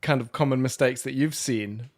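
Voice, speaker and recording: A man's voice: mid-range voice, normal speed. A man on a podcast panel, asking questions and teasing the others playfully. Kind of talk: casual panel chat.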